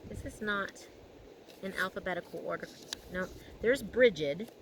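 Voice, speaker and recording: A woman gives an intuitive tarot reading outdoors, and her voice sits at an ordinary middle pitch. She speaks slowly and dreamily, lingers on phrases and hums softly as she thinks. Clear outdoor noise runs under the recording. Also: lively intonation, poor audio. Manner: slow, dreamy and emotional, humming often. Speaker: tarot reader. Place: field outdoors in the mountains.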